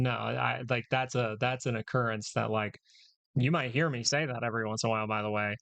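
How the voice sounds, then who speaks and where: A man with a gravelly, creaky voice hosts a live market stream at a middle pitch. He rambles casually, corrects himself as he goes and jokes with his chat. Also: steady tone, fairly quick, fairly bright tone.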